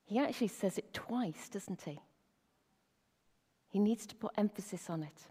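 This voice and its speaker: A woman's voice: medium pitch, expressive, measured pace, dark tone, breathy edge. A middle-aged woman giving a conversational sermon as a preacher, often asking the listeners rhetorical questions. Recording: long reverb of a hall.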